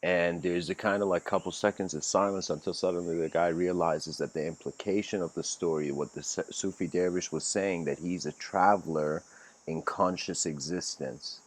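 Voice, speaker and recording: A man's voice: low voice, fairly even intonation, moderate pace. A man giving a casual livestreamed spiritual lecture, telling a story in a rambling way with many fillers and restarts. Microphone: home livestream mic.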